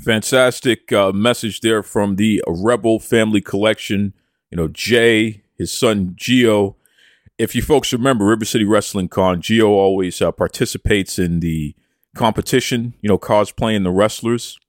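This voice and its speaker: A podcast host with a lowish voice at a moderate pace reads listener messages in playful mock bravado, referring to himself in the third person. The sound is clean studio audio with no room tone.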